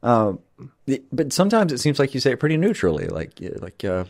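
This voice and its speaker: A man's voice: medium pitch, sing-song, a little mellow. A man co-hosting a podcast in casual chat, rambling and laughing as he talks. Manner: rambling, quick, laughs often. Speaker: podcast co-host.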